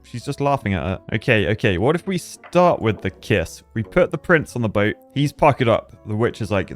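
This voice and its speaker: Brief: playful young gamer, chatty commentary, faint music bed. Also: male voice, mid-range voice, animated, normal speed. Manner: chatty, laughing, jumps into silly character voices. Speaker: gaming youtuber. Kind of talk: playful let's-play commentary.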